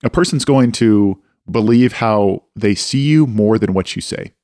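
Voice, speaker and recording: A man's voice: lowish voice, a little slow, warm tone, no room sound, studio quality. A man co-hosting a mentoring talk, candid and self-deprecating, telling stories about his own kids. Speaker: co-host and father. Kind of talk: casual faith-based discussion.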